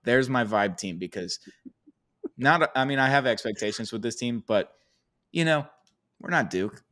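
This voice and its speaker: A man's voice: mid-range voice, animated, moderate pace, fairly bright tone. A man co-hosting a sports podcast in casual chat, laid-back and jokey, laughing often. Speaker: podcast co-host. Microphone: remote podcast mic.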